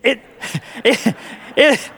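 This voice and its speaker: High-voiced preacher in a reverberant hall. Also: male voice, expressive, extremely slow, gravelly, pushed and bright, slightly rough. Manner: jokey, with repeated words and restarts. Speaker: pastor. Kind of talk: sermon.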